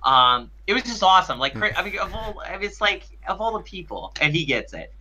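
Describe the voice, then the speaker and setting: A male podcast co-host retells an event in loose, animated chat, stumbling over his words and starting over often. His voice is pitched somewhat high and sounds very bright, and his intonation rises and falls a lot. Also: fairly quick. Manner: animated storytelling with many restarts and fillers. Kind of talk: casual chat.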